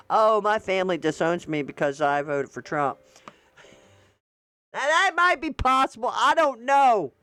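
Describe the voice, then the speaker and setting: A woman's voice: on the low side, a bit bright. A woman vlogger chatting casually to her viewers about politics and holidays, rambling and using slang.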